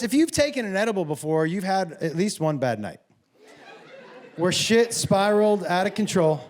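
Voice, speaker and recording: A man doing stand-up storytelling on stage, animated and profane, acting out dialogue and bursting into shouts. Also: high-pitched. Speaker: stand-up comedian. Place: comedy stage before a live audience.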